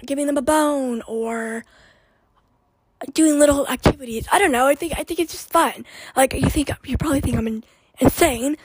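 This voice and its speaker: Young female podcast host, chatty and rambling, husky high voice, dry close sound. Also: no echo. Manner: rambling, chatty, with many fillers and restarts. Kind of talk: casual chat.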